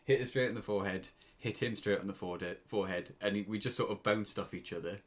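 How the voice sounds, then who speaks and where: A man's voice: lowish voice, fast. A British man in his twenties telling a story on a casual podcast, often breaking into laughter. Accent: British English. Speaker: podcast co-host.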